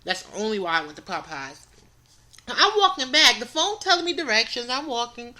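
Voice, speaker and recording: A young podcast co-host tells a comic story in an animated, exasperated way, repeating words for laughs. Her voice is a little high and her pace moderate, and the talk is casual storytelling.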